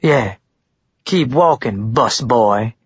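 A man's voice: medium pitch, animated, a little slow, a bit bright, husky, voice pushed up. A man voicing an arrogant young frat boy who talks in a sneering, acidic way. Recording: dull dry muffled recording.

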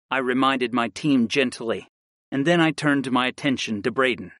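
A man with a medium-pitched voice narrates a first-person fantasy audiobook at a moderate pace, telling the story expressively. The recording is studio quality with no room sound.

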